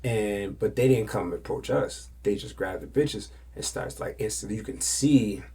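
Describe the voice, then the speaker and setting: A man hosting a podcast, telling stories casually in loose slang and often dropping to a hushed whisper. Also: lowish voice, normal speed, husky. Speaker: podcast host. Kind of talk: casual storytelling.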